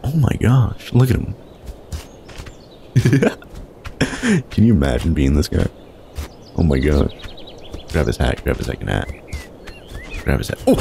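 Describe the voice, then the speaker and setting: A young man giving excitable, casual commentary while playing a video game, often exclaiming and laughing. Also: on the low side, unhurried, gravelly, long pauses, slight background noise. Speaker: let's play host.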